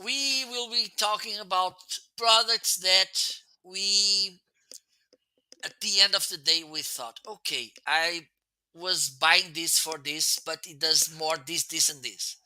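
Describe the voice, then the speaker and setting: A man's voice: high-pitched, slow pace, pushed and bright, dry recording. A man with a slight Italian or Portuguese-sounding accent, hosting a live shopping stream in a chatty way and laughing often as he demos gear. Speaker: live shopping show host. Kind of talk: casual live-stream product demo.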